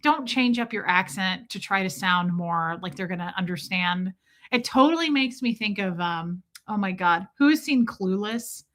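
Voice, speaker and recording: A woman's voice: medium pitch, normal speed. An American woman hosting a livestream, chatting casually and emphatically with her viewers. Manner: animated, emphatic, mock accents. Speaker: livestream host.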